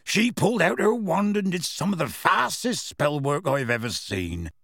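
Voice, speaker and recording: A man voicing a huge, warm-hearted half-giant gamekeeper who talks in rough dialect and tells his tale with relish, in an audiobook reading. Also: on the high side, very animated, normal speed, no echo, clean studio sound, voice pushed up, heavily acted. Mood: gruff storytelling. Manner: rough dialect speech, dropped sounds, storytelling relish.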